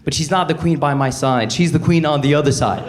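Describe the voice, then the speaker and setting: A man's voice: a little high, fairly quick. A man from Canada in his forties doing a wry stand-up routine on a stage, acting out both sides of arguments. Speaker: stand-up comedian. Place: comedy stage before a live audience.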